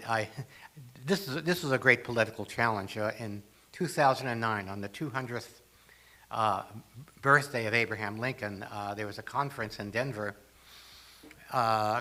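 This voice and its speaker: An older man with a medium-pitched, sharp-toned voice speaks as a guest at a spiritual gathering. He delivers a humorous talk to the congregation, telling funny stories full of jokes and acted-out asides.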